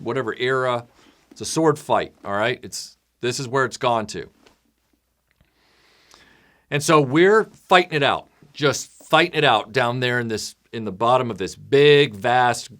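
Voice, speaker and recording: Animated man telling a rambling story. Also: medium pitch. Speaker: creator addressing patrons. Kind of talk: casual monologue.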